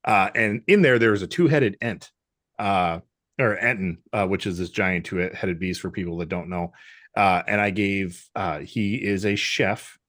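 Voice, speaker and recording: A man in casual podcast chat, telling animated stories and slipping into character voices. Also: low voice, a little slow, no echo, clean studio sound. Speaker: podcast guest.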